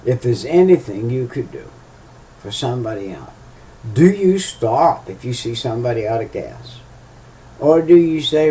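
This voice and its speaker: A man preaching informally, halting with many fillers and restarts, and repeating key phrases for emphasis. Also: mid-range voice, animated, warm tone, slight background noise. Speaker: lay preacher. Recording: voice a bit far from the mic.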